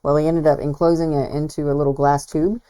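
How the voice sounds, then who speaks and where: A woman's voice: low-pitched, level tone, fast, warm tone, poor audio. A woman hosting a casual livestream, chatting in an admiring, self-deprecating way as she walks through viewers' work. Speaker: host.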